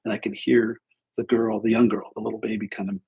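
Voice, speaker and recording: A man's voice: lowish voice, little pitch movement, fast, gravelly, a little mellow, breathy edge, rough recording. A man hosting a livestream as a spiritual teacher, telling a story casually, often breaking off mid-sentence. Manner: rambling, self-interrupting, acts out dialogue.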